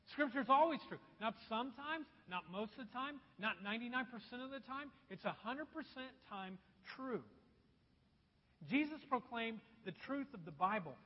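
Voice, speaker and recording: A man's voice: very high-pitched, slightly rough. A man preaching a sermon as pastor, emphatic and repeating phrases, calling his listeners folks. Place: church sanctuary. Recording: dull echoey church hall recording.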